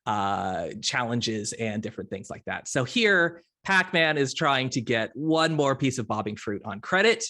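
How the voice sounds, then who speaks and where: A man's voice: mid-range voice, expressive, unhurried, hardly any pauses, sharp tone. A man as game master, genially explaining rules with stumbling restarts. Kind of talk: running a tabletop game.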